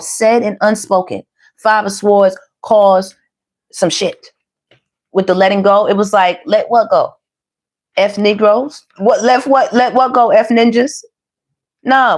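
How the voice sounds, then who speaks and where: Woman tarot reader, chatty and slangy, middle pitch, talks straight to viewers. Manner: chatty, animated, slangy, addresses viewers as y'all. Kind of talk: casual tarot reading monologue.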